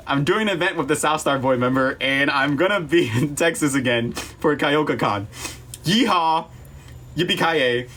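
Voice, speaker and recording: A young livestream host talks casually to his viewers in a fairly high, slightly bright voice. He rambles, stays playful, and swears freely.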